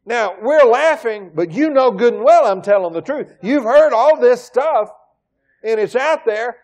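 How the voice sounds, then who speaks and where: A middle-aged man preaching a sermon as pastor, emphatic, swinging from loud exclamations to quiet asides. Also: extremely high pitch, animated, measured pace. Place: church sanctuary.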